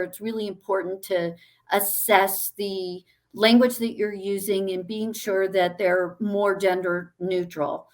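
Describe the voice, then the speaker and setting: Woman, sales executive, panel discussion, chatty, emphatic, fillers, mid pitch. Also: fairly bright tone.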